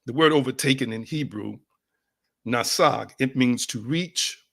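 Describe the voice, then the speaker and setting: A man's voice: medium pitch, a little slow, creaky, fairly bright tone. A man preaching a sermon in a conversational, emphatic way, repeating phrases and calling on his listeners directly. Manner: conversational, addresses audience as y'all.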